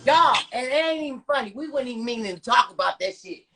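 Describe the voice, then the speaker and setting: A woman on a podcast, telling stories in a brash, profane, animated way as a guest. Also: fairly high pitch, quick pace. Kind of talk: casual storytelling chat.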